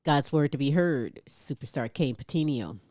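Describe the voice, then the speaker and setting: A woman's voice: a bass voice, lively intonation, dark tone, no echo, clean studio sound. A woman co-hosting a live talk show, playful and laughing, stretching out her words to the audience. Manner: playful, drawn-out endearments, laughs often. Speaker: co-host.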